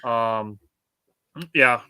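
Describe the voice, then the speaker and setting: A man's voice: medium pitch, flat delivery, extremely slow, sharp tone, clear, resonant tone, no room sound, clean studio sound. A man co-hosting a sports podcast in casual chat, laughing often and reading out listener comments. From United States. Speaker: podcast co-host.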